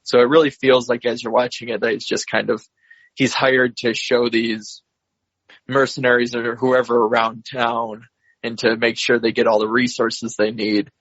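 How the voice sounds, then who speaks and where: A man co-hosting a podcast who retells a film's plot in a measured, slightly hesitant way, with a husky voice. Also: mid-range voice, flat delivery, a bit bright, no room sound, highs cut off. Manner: measured, hesitant, recounts scenes step by step. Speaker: podcast co-host. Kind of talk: casual film discussion, retelling the plot.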